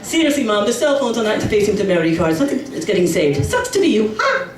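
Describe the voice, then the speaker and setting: A brash middle-aged woman doing stand-up in a comedy club, her voice swinging widely up and down as she tells her story. She sounds a little far from the mic in an echoey room, and a crowd laughs loudly behind her. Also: big pitch swings, very fast. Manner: brash, jumps into shrill squealing character voices for relatives.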